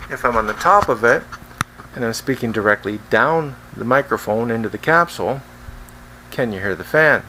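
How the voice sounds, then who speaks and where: A man's voice: medium pitch, lively intonation, moderate pace, pushed and bright, low-quality recording. A man reviewing a wireless microphone, asking the viewer plainly whether they can hear his voice and the fan. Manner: plain, asks the viewer questions. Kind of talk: product test vlog. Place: indoor room with a fan running. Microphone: wireless handheld mic being tested. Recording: faint fan hum.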